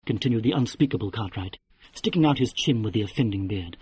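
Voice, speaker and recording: A man narrating a classic mystery novel as an audiobook, with wry, expressive storytelling. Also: on the low side, quick pace, slightly rough, no echo.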